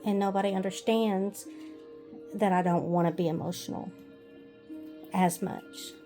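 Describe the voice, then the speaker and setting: A woman, talking slowly and hesitantly in a personal vlog, pausing often with "um". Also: medium pitch, fairly even intonation, warm tone, faint music behind. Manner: slow, hesitant, many "um"s and pauses. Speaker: hobby farm vlogger.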